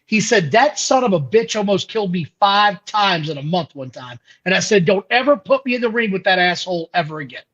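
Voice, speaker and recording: A man's voice: high-pitched, animated, fairly quick, hardly any pauses, fairly bright tone. A man hosting a casual wrestling podcast, blunt, profane and opinionated. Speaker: host.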